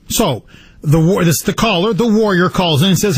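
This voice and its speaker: A man's voice: high voice, normal speed, breathy edge, no room sound. A man from Canada hosting a talk radio show, delivering an opinionated monologue full of sarcastic rhetorical questions. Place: radio studio. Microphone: studio microphone.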